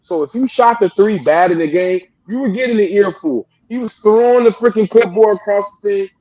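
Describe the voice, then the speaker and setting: A man's voice: sits high, a little fast, a little mellow, highs cut off. A man in his late thirties, a youth coach, talking animatedly and rambling with lots of restarts in a casual interview. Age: 30s. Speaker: youth football coach, guest.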